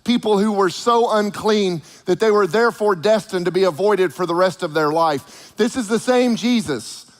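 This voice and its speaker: A man preaching a sermon in an animated way, acting out the voices of the people he quotes. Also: sits high, normal speed, few pauses, big-room sound.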